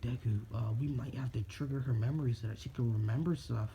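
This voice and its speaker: A man's voice: medium pitch, fairly even intonation, fast, gravelly, mellow, a little hiss or hum, natural voice. A man doing brash young ninja Naruto. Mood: earnest. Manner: casual, laid-back, teasing. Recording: dull lo-fi recording.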